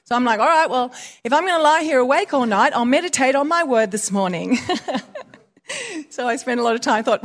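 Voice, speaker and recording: Chatty higher-voiced woman preacher. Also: a little fast. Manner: chatty and animated, mixing scripture with personal stories. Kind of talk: conversational sermon.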